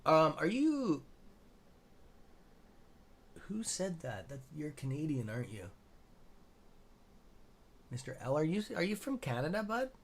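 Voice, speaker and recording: A young man hosting a live trading stream, reading chat and reacting with excitable, profane commentary and muttered asides. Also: fairly high pitch, unhurried, pauses often, a little hiss or hum. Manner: excitable, profane, talks to viewers by nickname; mutters asides to himself under his breath. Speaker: stock trading livestream host.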